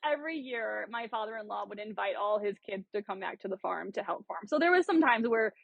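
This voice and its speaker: A woman's voice: medium pitch, brisk, creaky, no room sound, narrow, tinny audio. A woman in her thirties from South Dakota, a bubbly podcast guest telling her story with lots of laughs and fillers. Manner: bubbly, animated, laughs often, many "like" fillers. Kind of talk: casual storytelling interview.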